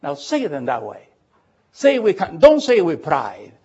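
A man preaching a sermon as pastor, emphatic, repeating words and slowing down to read scripture aloud. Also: high-pitched, wildly swooping pitch, gravelly, a little mellow, husky. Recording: dull lo-fi recording.

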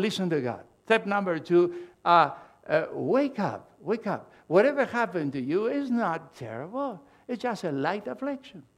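A man preaching a sermon, emphatic and animated, swinging between loud and hushed delivery with halting restarts. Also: on the high side. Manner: halting restarts and repeated words.

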